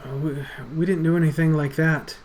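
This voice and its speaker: A man narrating a tabletop game as game master, relaxed and halting. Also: on the high side, poor audio. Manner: relaxed, halting, many fillers.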